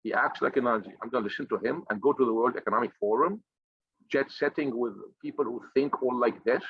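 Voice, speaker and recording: A man's voice: mid-range voice, fast, husky, no room sound. A man leading a finance group, giving a blunt, profane and combative motivational rant. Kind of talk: impassioned motivational monologue. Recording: dull, slightly lo-fi dry recording.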